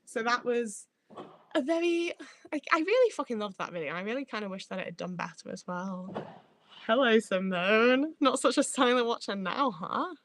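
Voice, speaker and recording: A woman's voice: fairly high pitch, animated, fairly quick, a little hiss or hum. A woman livestreaming who reads out chat as she goes. She rambles, swears freely and trips over her own words.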